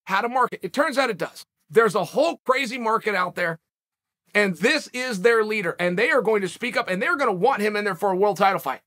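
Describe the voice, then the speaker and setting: An MMA podcast host gives a casual commentary monologue with emphatic, punchy rhetorical delivery. His voice sits high and sounds pushed and bright.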